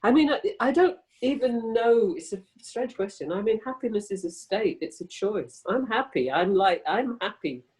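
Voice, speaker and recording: A woman's voice: medium pitch, moderate pace, hardly any pauses, darkish tone, rough recording. A woman in her sixties, a guest speaking casually over a video call, frank and rambling, swearing freely. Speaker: interview guest.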